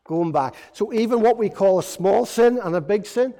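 A man preaching at an all-age service, telling a story in a lively, playful way to children. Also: high voice, moderate pace, in a large hall. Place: church.

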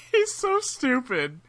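This is a podcast co-host chatting casually and recapping a cartoon episode scene by scene. The pitch swings widely as they tell the story, and the tone is bright. They laugh often. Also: drawn-out words. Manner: animated storyteller, laughs often, retells scenes with quoted voices.

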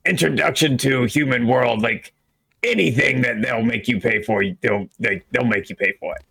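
Gravelly, laid-back male player. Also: mid-range voice, moderate pace, pushed and bright. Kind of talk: casual tabletop game chat.

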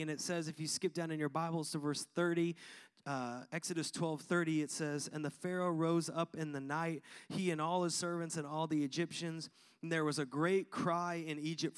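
A man's voice: a little high, a bit bright, clear, resonant tone. A man preaching a sermon to his congregation, using repetition and call-and-response. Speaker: pastor.

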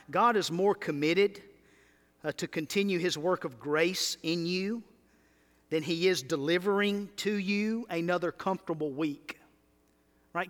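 A man preaching a sermon as pastor, animated and calling out to his congregation. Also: high-pitched. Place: church sanctuary. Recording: long hall reverb.

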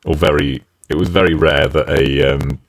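A man's voice: very deep voice, steady tone, moderate pace. A man co-hosting a podcast, rambling and sighing as he chats casually about films and music, with glitchy robotic-sounding audio. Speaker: podcast co-host. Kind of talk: casual film review chat.

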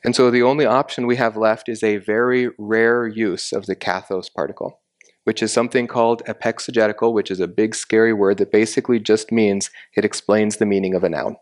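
A man's voice: fairly low pitch, steady tone, a little fast. A man giving expository Bible teaching, methodically explaining the Greek grammar of a passage step by step.

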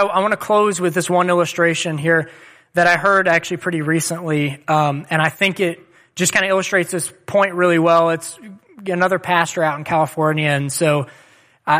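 High, bright-voiced young male pastor. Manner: conversational, earnest preaching with personal stories. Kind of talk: sermon.

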